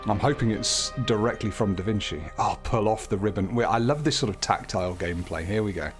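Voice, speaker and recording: A man's voice: fairly low pitch, a little fast. Chatty man hosting a puzzle game playthrough. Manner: chatty, reads on-screen text aloud with light jokes. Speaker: let's play host. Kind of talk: casual gameplay commentary. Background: game music.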